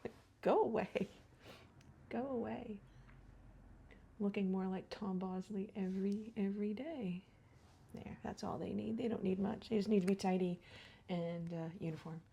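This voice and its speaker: A woman's voice: mid-range voice, steady tone, normal speed, gravelly, warm tone, muffled recording, slight background noise. A middle-aged woman chatting through a get-ready-with-me beauty vlog, rambling and laughing, sometimes dropping to a whisper. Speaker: beauty vlogger. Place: home.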